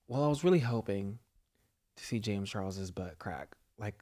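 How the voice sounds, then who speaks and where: A young man co-hosting a podcast, telling crude jokes in a lively, animated way. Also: fairly low pitch, normal speed. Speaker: podcast co-host. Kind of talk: casual chat.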